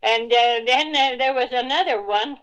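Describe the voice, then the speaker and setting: In a low-quality home recording, an older woman reminisces, explaining old songs with homely humor. She's unhurried, searching for words and pausing often, and her voice is a little high with a fairly bright tone.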